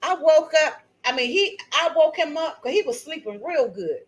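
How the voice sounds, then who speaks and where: A woman's voice: sits high, expressive, moderate pace, rough recording. Chatty middle-aged woman telling stories. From Maryland. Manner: chatty, emphatic, addresses viewers as y'all and honey. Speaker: channel host. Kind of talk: casual storytelling to viewers.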